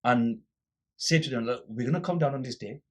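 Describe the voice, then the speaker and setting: This podcast guest is a man whose medium-pitched voice moves briskly. He spins a casual tale with lively energy, voicing each person's quoted dialogue himself.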